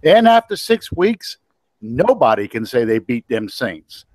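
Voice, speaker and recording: A man co-hosting a sports podcast, talking casually in a relaxed radio DJ manner. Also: medium pitch, a little slow, no room sound. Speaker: podcast co-host.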